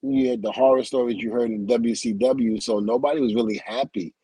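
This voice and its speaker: A man from the United States, a guest in an interview, telling a lively story full of acted-out quotes and laughs. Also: medium pitch, fairly quick, husky, no echo, poor audio. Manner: animated storyteller who acts out quotes and laughs often. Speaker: interview guest, former wrestler.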